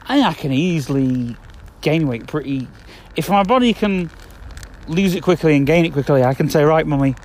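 A man's voice: fairly high pitch, expressive, moderate pace, a little hiss or hum. Chatty man in his thirties. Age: 30s. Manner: chatty, meandering, repeats himself. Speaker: podcast host. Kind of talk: rambling casual monologue. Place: outdoors walking around the block.

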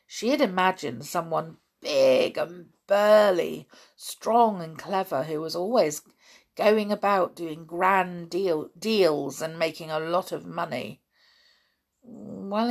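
Husky-voiced woman reading a children's story. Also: lowish voice. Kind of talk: reading a children's book aloud.

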